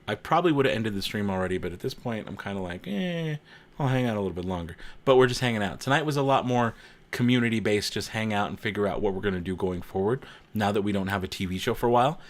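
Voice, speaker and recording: A man's voice: on the low side, quick pace. A man hosting a casual livestream, chatting with viewers and reading their comments, joking, laughing often and repeating himself. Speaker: livestream host.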